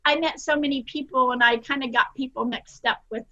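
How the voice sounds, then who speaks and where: An older woman telling her story to an interviewer, earnest and self-deprecating, wandering through her memories in a bright, fairly high voice. The audio is dull and lo-fi. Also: steady tone, a little fast. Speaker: interview guest.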